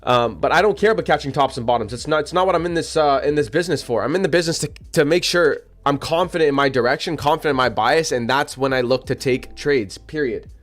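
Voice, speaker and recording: Speaking fast with hardly a pause, this livestream trading host has a slightly high, fairly bright voice. His talk is casual commentary aimed straight at chat, slangy and repetitive, with the occasional hiccup.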